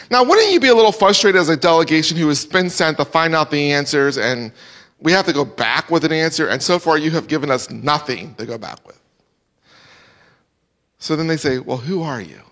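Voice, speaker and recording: Man, preacher, lively swooping delivery, slightly high voice, long hall reverb. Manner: animated, rises and drops sharply for emphasis. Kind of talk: expository sermon.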